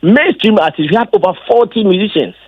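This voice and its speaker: A man, an event organizer answering interview questions as an emphatic storyteller whose voice leaps high when he gets excited. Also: fast talker, breathy edge. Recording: dull lo-fi dry sound.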